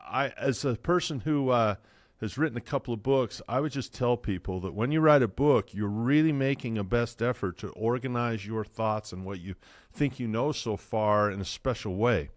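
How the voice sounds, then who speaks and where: A man's voice: mid-range voice, normal speed, dry recording, clean studio sound. A man hosting an interview, talking in a rambling, hesitant way with many fillers. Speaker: podcast host.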